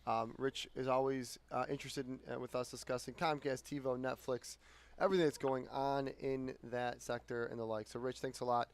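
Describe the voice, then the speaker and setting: A man's voice: mid-range voice, little pitch movement, moderate pace. A man hosting a morning market talk show, thanking a guest and reading out sponsor notes in a loose, filler-heavy way. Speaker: show host. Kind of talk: casual chat.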